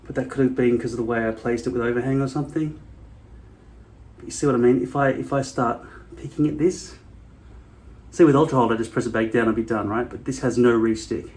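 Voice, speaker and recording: A man talking casually to his camera as a vlogger, rambling from thought to thought in a middle-pitched voice. His talk is frank and loose, with a curse word dropped in here and there. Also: fairly even intonation, brisk, darkish tone.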